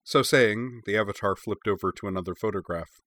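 Low-voiced man reading a story. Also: a little fast, no room sound. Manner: steady, descriptive storytelling. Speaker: narrator. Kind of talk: read-aloud fan fiction narration.

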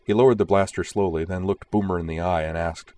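Deep-voiced man narrating a story. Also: fairly even intonation, quick pace, dark tone, slight background noise. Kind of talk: audiobook narration.

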